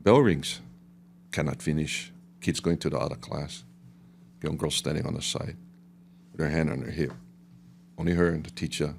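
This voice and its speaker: A middle-aged man from Hawaii with a Hawaiian Pidgin accent, telling a story on a podcast in an animated way and dropping to a hush for the dramatic parts. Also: a bass voice, normal speed, vocal fry, long pauses, a little hiss or hum. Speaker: guest artist and historian. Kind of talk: storytelling in casual podcast talk.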